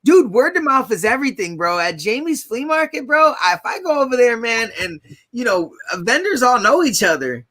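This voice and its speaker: High, bright-voiced slangy guy. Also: very animated, no room sound. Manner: slangy, peppers talk with "dude" and "bro"; halting, lots of restarts. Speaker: co-host of a live reseller show. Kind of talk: casual chat.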